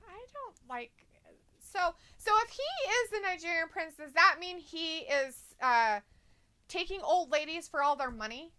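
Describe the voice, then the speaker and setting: A woman's voice: very high voice, expressive, measured pace, bright, forceful tone. A woman co-hosting a casual live stream, reading viewer comments aloud, giggling often and teasing her co-host. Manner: giggly, laughs often between remarks. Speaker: co-host of a live wrestling watch-along stream.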